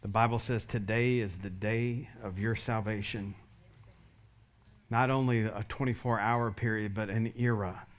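A man's voice: fairly low pitch, steady tone, measured pace. A male pastor giving an earnest sermon altar call, leading the congregation in prayer line by line. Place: church sanctuary.

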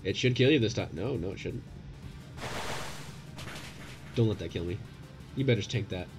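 A young man commentating his own gameplay, excitable and profane, yelling at the game in bursts. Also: on the low side, fast. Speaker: gaming YouTuber. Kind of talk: let's play commentary. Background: game music.

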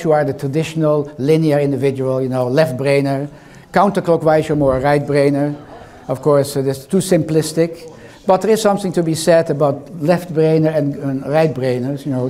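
A man's voice: a little high, moderate pace, hardly any pauses, warm tone. An older man with a foreign accent giving a lecture in a hall, teasing and quizzing the audience as he goes. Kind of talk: interactive lecture.

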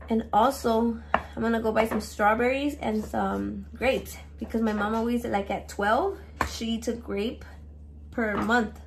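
A young woman with a slightly high voice cooks on camera in a home kitchen and chats casually. She swears freely, jokes around and slips Spanish words into her English. Chopping and clicking come through clearly behind her. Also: background noise. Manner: profane, playful, mixes Spanish into English. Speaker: home cook vlogger. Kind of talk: casual cooking vlog.

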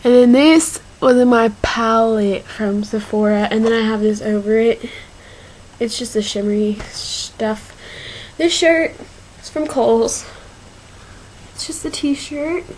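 Slow rambling young woman vlogger. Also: fairly high pitch, darkish tone, slight background noise, rough recording. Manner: slow, rambling, filler-heavy, says y'all. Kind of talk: casual haul video.

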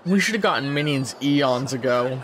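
A man's voice: mid-range voice, animated, moderate pace, a bit bright, a little hiss or hum. A man giving casual, playful commentary over a video game, muttering to himself and now and then putting on silly voices. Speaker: gameplay streamer. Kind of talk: casual let's-play commentary.

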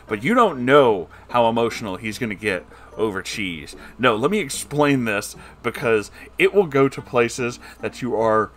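A man's voice: medium pitch, a bit bright. A man giving comedic, sarcastic commentary while reading a book aloud, exasperated and swearing freely.

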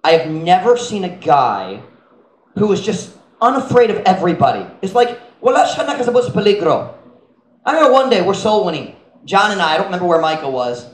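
A man preaching a sermon as pastor, telling a story with animated energy and slipping into Cebuano phrases. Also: high-pitched, fairly quick. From United States. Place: church sanctuary. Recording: echoey church with faint hum.

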